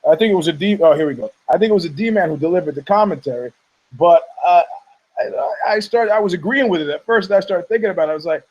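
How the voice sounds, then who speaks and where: A fast-talking podcast host with a high, darkish voice rants about fight news in a rambling, foul-mouthed, casual way over dull audio. He keeps laughing and mocks people by putting on voices.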